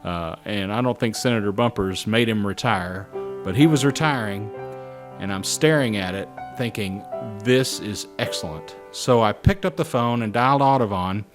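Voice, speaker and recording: A middle-aged man recalling his flying career in a lively anecdotal way, acting out the voices of people he quotes. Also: fairly low pitch, normal speed. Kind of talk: anecdotal storytelling. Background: soft guitar music.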